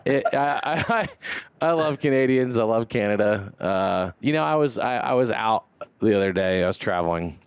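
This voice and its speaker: A man's voice: fairly low pitch, lively intonation, moderate pace, clean tone, dry recording. A man hosting a podcast, joking and rambling with lots of restarts and fillers in casual banter. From Texas. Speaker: podcast host.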